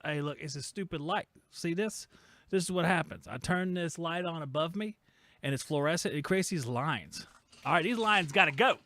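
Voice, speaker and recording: A man's voice: fairly high pitch, moderate pace, sharp tone, no echo. A man hosting a casual livestream podcast, jokey and rambling with self-mocking asides. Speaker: podcast host.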